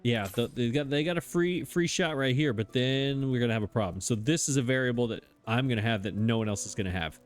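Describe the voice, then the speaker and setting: A man's voice: medium pitch, fast, few pauses. A man giving casual, self-mocking commentary as he plays a game, chatting and laughing at himself as he goes. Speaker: let's play host.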